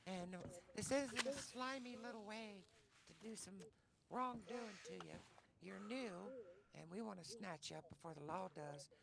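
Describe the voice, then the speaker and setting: A woman's voice: mid-range voice, normal speed, creaky, over a noisy crowd. A woman role-playing an outlaw gang member, talking in a rambling, hesitant way. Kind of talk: in-character role-play. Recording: very noisy game voice chat.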